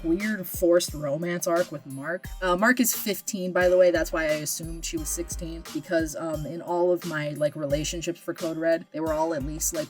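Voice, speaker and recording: A woman casually retelling her old story characters, chatty and swearing freely, with frequent laughs and self-mocking asides. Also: mid-range voice.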